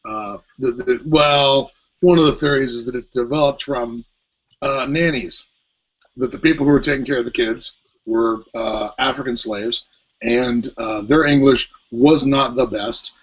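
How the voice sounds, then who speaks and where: Husky guy on a podcast mic, rambly and full of ums, kinda muffled lo-fi audio. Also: medium pitch, fairly even intonation, a little slow. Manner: rambling, hesitant, many fillers. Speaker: podcast co-host. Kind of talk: casual podcast discussion. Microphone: headphones with mic at home.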